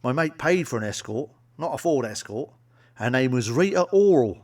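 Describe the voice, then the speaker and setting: A man's voice: medium pitch, lively intonation, normal speed, darkish tone. A man from England telling crude, sweary jokes to camera as a stand-up comedian. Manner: blunt and sweary, with a chuckling aside. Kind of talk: crude joke-telling monologue. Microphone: solo to camera, wearing a mask.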